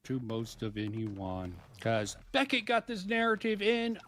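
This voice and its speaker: A man narrating a scripted commentary video in a measured, argumentative way. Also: mid-range voice, fairly even intonation, a bit bright, no room sound. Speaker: YouTube commentator.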